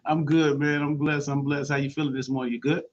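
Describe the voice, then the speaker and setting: A man from Chicago hosting a morning radio show, talking in loose, slangy banter full of shout-outs. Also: a little high, little pitch movement, normal speed, highs cut off. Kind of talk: casual morning radio talk.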